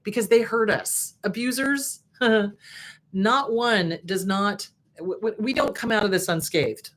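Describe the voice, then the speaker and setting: A middle-aged woman therapist giving frank, emphatic advice straight to her viewers, with playful asides. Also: medium pitch. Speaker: therapist host. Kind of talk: casual advice talk to camera.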